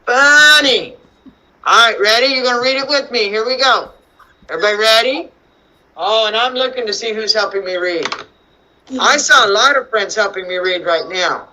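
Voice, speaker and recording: A woman teaching young children to read over a video call, animated and coaxing, full of questions. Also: mid-range voice, rough recording. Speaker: kindergarten teacher. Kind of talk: online reading lesson for young children. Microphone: computer mic on video call.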